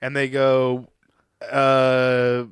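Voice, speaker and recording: A man chats casually about a film with a co-host. He retells scenes loosely and laughs often. His voice is smooth and clear, and the recording is dry and close. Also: mid-range voice, completely flat delivery, drawn-out words, dry recording. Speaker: podcast co-host. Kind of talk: casual movie review chat.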